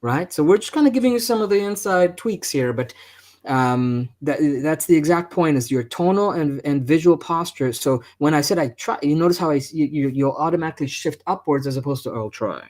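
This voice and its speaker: A man's voice: a little high, fairly quick, a little mellow. Man demonstrating inflections while teaching. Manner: demonstrates phrasings by shifting his inflection. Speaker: co-host. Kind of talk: instructional conversation.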